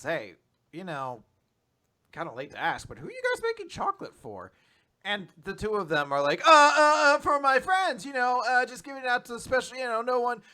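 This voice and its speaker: A man's voice: a little high, pushed and bright. A man co-hosting a casual recap chat, animatedly retelling scenes and acting out characters' lines, swearing casually. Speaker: podcast co-host.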